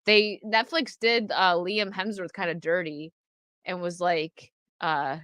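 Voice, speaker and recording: A woman's voice: medium pitch, animated, measured pace, bright, forceful tone, no room sound. A young adult woman casually chatting on a live stream, reading and answering viewer comments with lots of fillers.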